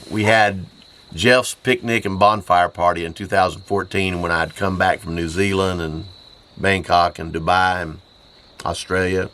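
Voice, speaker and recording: A grieving man hosting his homestead channel, choked up, with a hoarse voice and halting speech full of pauses and repeats. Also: a bit bright. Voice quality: hoarse, voice lower than usual. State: choked up from grief. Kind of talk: grieving personal vlog. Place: farm in the Appalachian mountains, outdoors.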